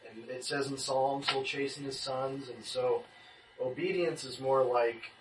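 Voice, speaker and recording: A man adds his thoughts slowly, pausing on um. His voice echoes and comes from far off. Clear clicks are heard under him. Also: medium pitch, fairly even intonation, noisy background. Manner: hesitant, fills with um. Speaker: group member. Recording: echoey distant pickup with clicks.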